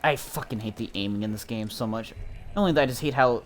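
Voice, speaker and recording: A man's voice: medium pitch, fast, noisy background. A young man from Minnesota casually commenting while he plays a horror game, chatting with viewers and swearing now and then. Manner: relaxed, chatty, swears often. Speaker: streamer.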